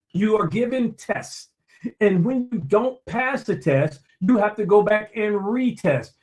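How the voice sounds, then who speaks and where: A man giving a motivational talk, preacherly, repeating phrases for emphasis and talking straight to his listeners. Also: sits high. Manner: addresses listeners directly, conversational asides. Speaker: motivational speaker.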